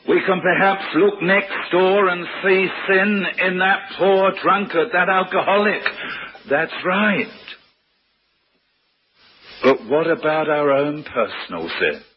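A man's voice: a little high, dull audio, a little hiss or hum. A man from preaching a sermon, asking rhetorical questions and rising to emphatic peaks. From London.

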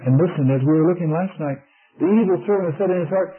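Husky high-voiced man preaching over tinny radio. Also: fast talker. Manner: earnest, rising to fervent emphasis. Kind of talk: evangelistic sermon. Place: church service with audience.

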